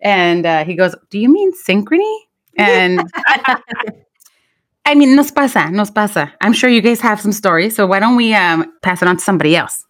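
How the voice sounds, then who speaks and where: A woman's voice: mid-range voice, lively intonation, normal speed, a bit bright. Woman podcast co-host, Spanish-first speaker, chatty and laughing, casual storytelling. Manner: laughs often while telling stories, switches into Spanish. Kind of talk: casual chat.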